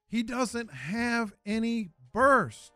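A man's voice: extremely high pitch, lively intonation, very slow, sharp tone, no echo, soft background music. A man hosting a sports talk radio show, chatting casually and often restarting his sentences.

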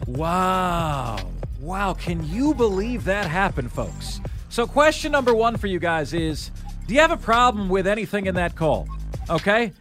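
A man hosting sports talk radio, running an energetic countdown and calling his listeners "folks". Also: sits high, a little slow, over music.

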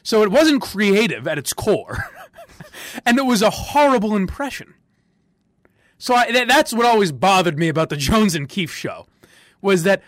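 A man's voice: sits high, normal speed, long pauses, no room sound, studio quality. A man hosting a sports radio podcast, chatting casually with strong opinions, rambling and laughing often. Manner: rambling, animated, laughs often, restarts sentences.

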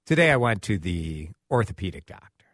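A man hosting a radio talk show, telling a story in a casual, animated way and acting out quotes. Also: deep voice, fairly quick, no room sound, clean studio sound.

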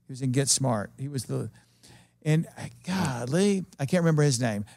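A man's voice: mid-range voice, normal speed, gravelly, no room sound, studio quality. A man, a television producer, telling rambling anecdotes as a guest in a casual interview. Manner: animated, rambling anecdotes with quoted voices.

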